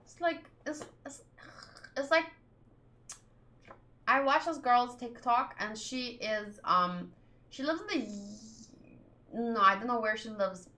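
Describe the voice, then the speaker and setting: A woman's voice: fairly high pitch, expressive, takes it slowly, pauses often, bright, forceful tone. A woman hosting a manga read-along, chatting casually and reacting aloud as she reads. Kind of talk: casual reading commentary.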